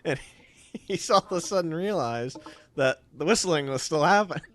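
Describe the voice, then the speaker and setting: A man hosting a casual chat, telling a relaxed story of his own between short agreeing replies. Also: a little high, moderate pace.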